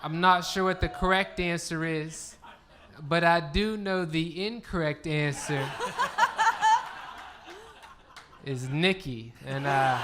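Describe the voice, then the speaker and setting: A man's voice: fairly high pitch, noisy background. A man doing a crude, punchy stand-up comedy set on a live stage. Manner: punchy, crude, laid-back delivery. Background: audience laughter.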